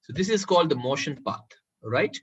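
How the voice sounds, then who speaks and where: A man running a live software tutorial as a workshop trainer, often calling his listeners friends and checking whether they can see the screen. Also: fairly high pitch, animated, a little fast, slightly rough. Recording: muffled lo-fi recording.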